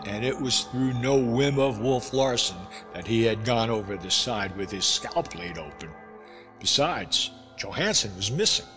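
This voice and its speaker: A man narrating a classic novel with expressive, animated delivery. The recording is wrapped in a long, hall-like reverb. Music plays clearly beneath the narration. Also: medium pitch. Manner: expressive storytelling. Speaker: audiobook narrator. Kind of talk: scripted narration.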